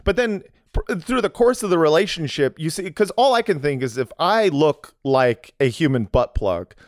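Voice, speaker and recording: Podcast co-host, a man with a slightly high voice who rambles crude jokes, dry studio sound. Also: lively intonation, moderate pace, dry recording. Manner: crude, rambling, laughs at his own jokes. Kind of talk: casual chat.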